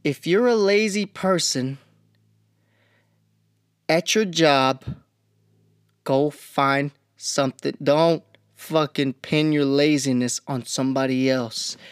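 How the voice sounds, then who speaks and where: A woman's voice: sits low, slow, pauses often, clear, resonant tone, dry recording, clean studio sound. A woman hosting a podcast, ranting bluntly with heavy swearing and exasperation. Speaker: podcast host. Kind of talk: ranting monologue.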